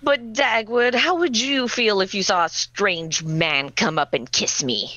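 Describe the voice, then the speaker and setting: A woman's voice: medium pitch, unhurried, sharp tone, no room sound, lo-fi sound. A woman reading the part of an apologetic young wife in an amateur 1940s radio play reading, flustered and stammering. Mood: coaxing.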